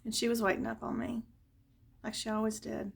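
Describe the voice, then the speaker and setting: A woman telling a personal family story in a casual vlog, conversational and expressive, turning wistful as she reflects. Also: on the high side, a little fast, gravelly, slightly rough.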